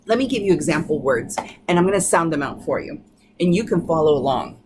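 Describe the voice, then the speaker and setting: A woman teaching English pronunciation, modeling each sound slowly and patiently. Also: on the low side, big pitch swings, noisy background. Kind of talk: pronunciation lesson.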